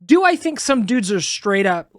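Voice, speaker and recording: A woman co-hosting a casual comedy podcast, riffing crudely in drawn-out phrases. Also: mid-range voice, sing-song, no echo, clean studio sound. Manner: drawn-out, crude, laughing riffs. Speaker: podcast co-host.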